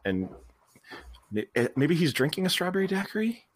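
A man's voice: fairly high pitch, normal speed, slight background noise. Laid-back podcast co-host man. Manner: relaxed, laughing, rambly. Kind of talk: casual chat about a movie.

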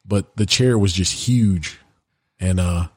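A man's voice: deep voice, slow pace, darkish tone, breathy edge, no room sound, clean studio sound. A man hosting a podcast in casual chat, teasing and conversational. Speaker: podcast host.

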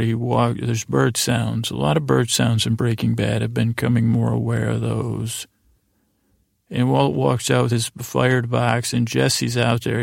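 A man's voice: mid-range voice, gravelly, no room sound, clean studio sound. A man hosting a sleep podcast, retelling a story in a meandering, casual way with asides and self-corrections. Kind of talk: rambling bedtime story recap.

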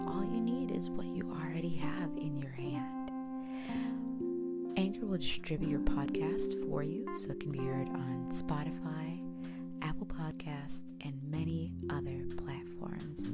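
A low-pitched woman with a raspy, congested voice, speaking slowly in a soft half whisper. She hosts a relaxing story podcast, with loud guitar music playing behind her. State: raspy from sinus trouble. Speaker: podcast host.

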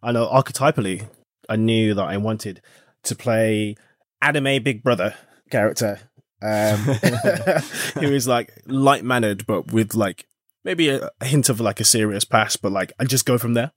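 Male podcast co-host, relaxed and loose, dry close sound. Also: on the low side, unhurried, dry recording. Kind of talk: casual podcast chat.

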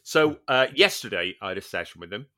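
A man's voice: lowish voice, lively intonation, a little fast, bright, forceful tone. A man on a casual podcast chat, telling an anecdote and acting out the lines of the people in it. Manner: storytelling, acts out quoted dialogue, swears casually. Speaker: podcast co-host.

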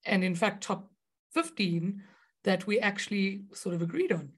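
A woman's voice: mid-range voice, animated, moderate pace, slightly rough. A woman co-hosting a casual podcast chat, talking with playful, wry mock outrage. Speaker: podcast co-host.

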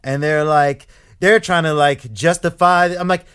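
Man, young adult, interview guest, animated storytelling, slightly higher pitch. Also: a little slow, smooth. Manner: animated, rising to loud when reenacting anger.

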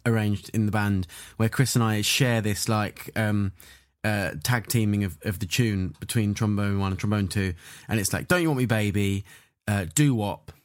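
A man's voice: fairly low pitch, no room sound. A trombonist hosting a casual band chat. He rambles and restarts, filling gaps with ums and uhs. His voice sounds dry and close, with no room around it. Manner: rambling, halting, many fillers. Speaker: podcast host, trombonist.

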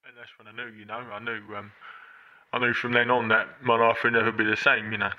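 A man's voice: mid-range voice, level tone, fast talker, natural voice. A man playing a despairing caller on a muffled phone line. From Kent. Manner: mumbling, self-pitying, trailing off. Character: heartbroken middle-aged male football fan caller, a father.

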